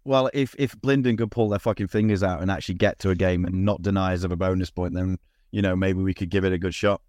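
A man's voice: deep voice, fairly even intonation, fast, a little mellow, no room sound, clean studio sound. A man hosting a casual sports podcast, rambling with lots of restarts and the odd swear word. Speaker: podcast host. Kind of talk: casual chat.

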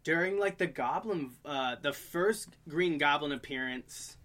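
A man in his twenties telling stories in a casual chat, animated and joking. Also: a little high, unhurried. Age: 20s. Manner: animated storyteller, puts on silly voices.

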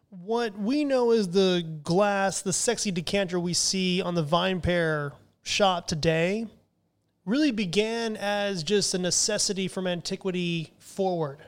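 A man hosting a podcast lesson on wine, talking in an enthusiastic, chatty way. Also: high-pitched. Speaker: podcast host and wine educator. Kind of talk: casual explanatory podcast lesson.

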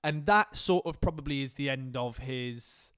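A man co-hosting a relaxed sports podcast at an ordinary, middle pitch. He banters, laughs a lot and swears casually. The sound is dry and close, with no room echo. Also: moderate pace, smooth. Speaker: podcast co-host. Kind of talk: casual football chat.

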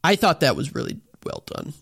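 Gravelly man casually recapping an anime. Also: on the high side, huge pitch swings, a little fast, a bit bright, no echo, studio quality. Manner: laid-back, swearing, summarizing episodes. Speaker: podcast co-host recapping an anime. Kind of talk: casual chat.

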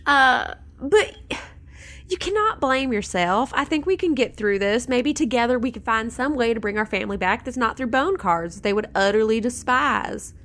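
A woman playing a tabletop game, speaking in a hesitant, halting way. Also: fairly high pitch, animated, a bit bright. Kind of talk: in-character play, casual.

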